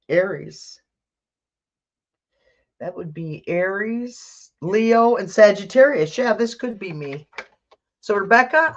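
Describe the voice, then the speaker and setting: A woman's voice: lowish voice, muffled recording. A woman doing a live tarot reading, chatting casually and thinking aloud as she corrects herself. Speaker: tarot reader.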